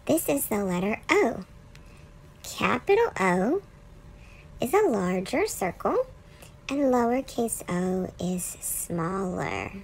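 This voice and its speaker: A woman teaching a children's phonics lesson, cheerful, drawing out each letter sound slowly for young learners. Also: mid-range voice, big pitch swings, gravelly, a little hiss or hum. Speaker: reading teacher.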